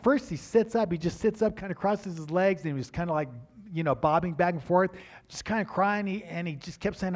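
An older man preaches with a slightly raised pitch. He tells his story in an animated way and often restarts his words. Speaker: pastor. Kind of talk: storytelling sermon.

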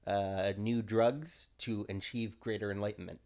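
A man running a tabletop role-playing game on a podcast, dry and deadpan, reading out rules and missions. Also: lowish voice, unhurried. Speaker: game master.

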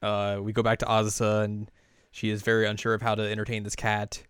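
A man's voice: lowish voice, monotone, a little fast, a bit bright, clear, resonant tone, no echo, studio quality. A man hosting a podcast, chatting through an episode recap with fillers and laughs. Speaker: podcast host.

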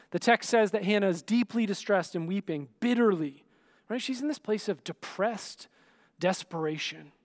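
Guy pastor preaching, high voice, talky, keeps asking right?. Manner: conversational, checks in with "right?"; dramatic, acts out scenes. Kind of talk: sermon.

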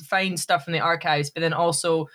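A woman's voice: low-pitched, steady tone, normal speed, fairly bright tone. A woman, a podcast guest who laughs a lot and makes fun of herself. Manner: laughs often, self-deprecating. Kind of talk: casual chat.

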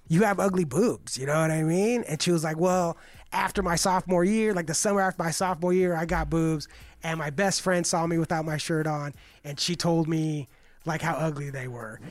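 High-voiced rambling man, dry sound. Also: dry recording. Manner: rambling storyteller, heavy swearing, lots of "like". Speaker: co-host. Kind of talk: casual podcast chat.

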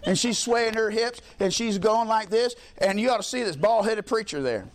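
A man's voice: high voice, normal speed. A male pastor preaching a sermon in a folksy, emphatic storytelling way, repeating his points for effect.

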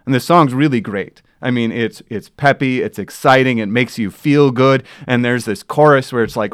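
A man preaching a sermon as pastor, earnest and plain, building to loud emphatic passages. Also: medium pitch, moderate pace, smooth, dry recording, clean studio sound. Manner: earnest preaching, rising to loud sung quotes.

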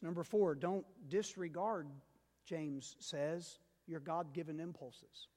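A male pastor preaching with a high voice, driving points home by repeating key words. His delivery moves between loud emphasis and quiet asides. A long reverb trails his words through the church. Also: fairly even intonation, slow. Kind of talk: sermon.

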